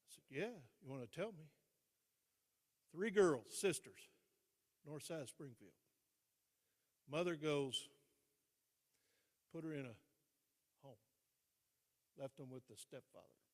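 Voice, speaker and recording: An older man, a retired teacher and coach, telling stories as a guest speaker, with dramatic pauses and repeated phrases for emphasis. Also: on the high side, lively intonation. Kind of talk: motivational storytelling speech. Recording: long reverb in a large hall.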